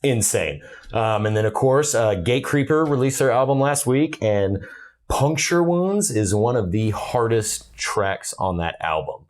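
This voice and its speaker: A man's voice: medium pitch, expressive, a little slow, darkish tone. A man co-hosting a casual podcast, joking and laughing often as he talks. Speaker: podcast co-host. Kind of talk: casual chat.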